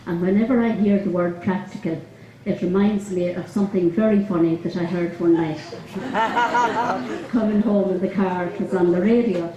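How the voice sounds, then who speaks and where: A woman's voice: medium pitch, muffled recording. Woman giving a chatty captain's speech in an echoey hall with crowd chatter. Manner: chatty, humorous storytelling. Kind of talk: after-dinner speech.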